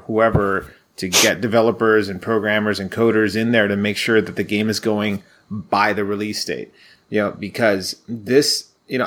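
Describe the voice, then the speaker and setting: A man's voice: lowish voice, fairly bright tone. A man on a gaming podcast, ranting in an exasperated way. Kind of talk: casual gaming podcast chat.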